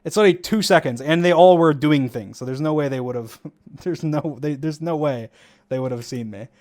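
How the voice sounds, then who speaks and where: A man's voice: a little high, normal speed, darkish tone. Brief: young male streamer, slightly raised voice, rambling casual commentary, chuckles often. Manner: rambling, restarts, frequent chuckles.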